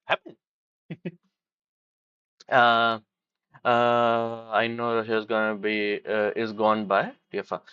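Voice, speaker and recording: Bright-voiced opinionated man on a livestream. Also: on the low side, completely flat delivery, takes it slowly, long pauses, clean tone, dry recording, dull audio. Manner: opinionated, rambling, frequent filler and restarts, mocking imitations of critics. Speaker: livestream host. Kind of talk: casual livestream commentary.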